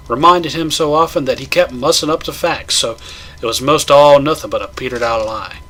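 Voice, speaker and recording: A man doing a measured, dramatic audiobook-style reading of a horror tale. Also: mid-range voice, sharp tone. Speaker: narrator.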